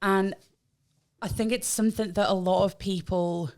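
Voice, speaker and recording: A woman's voice: medium pitch, fairly even intonation, normal speed, a little mellow. A British woman co-hosting a podcast, talking casually and hesitantly, with many fillers. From Britain. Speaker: podcast co-host. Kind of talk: casual chat.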